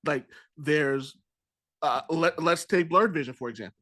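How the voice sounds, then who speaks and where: A man's voice: fairly high pitch, measured pace, fairly bright tone, no room sound. Man, Boston accent, podcast host, rambling, casual swearing, dry sound.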